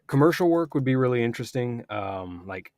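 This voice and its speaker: A man's voice: mid-range voice, animated, fairly quick, a little mellow, dry recording, clean studio sound. A man chatting casually and with easygoing enthusiasm on a podcast. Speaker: podcast co-host interested in voice acting. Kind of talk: casual chat.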